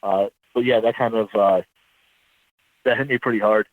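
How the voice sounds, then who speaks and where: A man, an army veteran, telling his story in a casual interview, rambling and halting as he corrects himself. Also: lowish voice, steady tone, no echo, narrow, tinny audio.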